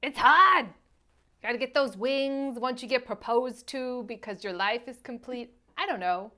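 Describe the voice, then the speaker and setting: A woman's voice: fairly high pitch, a little slow, sharp tone. A woman co-hosting a casual movie review podcast, chatty and often acting out quotes. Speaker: podcast co-host.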